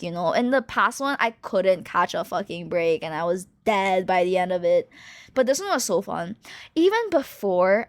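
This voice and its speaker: Young woman streamer, chatty and rambling, bouncy pitch, dry close sound. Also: no room sound. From China. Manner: animated, rambling, full of "like" and swearing. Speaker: VTuber streamer. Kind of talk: casual chat.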